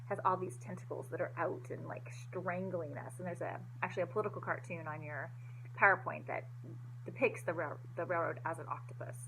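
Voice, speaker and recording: A woman's voice: lowish voice, fairly even intonation, fairly quick, creaky, fairly bright tone, slight background noise, low-quality recording. A woman teacher giving a recorded online history lecture, casual and rambling with many fillers, into a computer mic.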